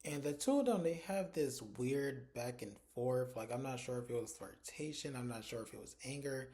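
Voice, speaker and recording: Mellow-voiced man recapping a TV episode. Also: mid-range voice, expressive, normal speed. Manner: chatty storytelling, strings events with "and so" and "like". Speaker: TV episode reviewer.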